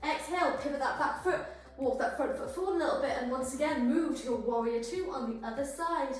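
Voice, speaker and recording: High-voiced woman guiding a yoga flow. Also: fairly quick. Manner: encouraging, cueing breath and poses. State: out of breath. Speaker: yoga instructor. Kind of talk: guided yoga flow instruction. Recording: very echoey room, voice far from mic, music behind.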